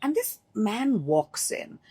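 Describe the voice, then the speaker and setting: A woman's voice: on the high side, sing-song, slow, mellow, breathy edge. A young woman, interviewing in a casual chat and telling stories animatedly, acting out her own reactions.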